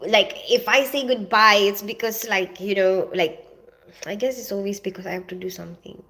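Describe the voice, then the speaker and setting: A woman's voice: medium pitch, moderate pace, fairly bright tone. A middle-aged woman chatting casually on a live stream, rambling and greeting viewers by name, with lots of "you know" and "like". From half Filipino, half British. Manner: chatty, rambling, reads viewer comments aloud.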